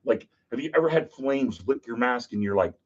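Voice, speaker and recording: A man, a podcast guest, telling stories in a casual, animated, joking way and acting out what people said. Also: medium pitch, brisk. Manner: animated, jokey, acts out quotes. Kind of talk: casual storytelling. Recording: dull lo-fi podcast audio.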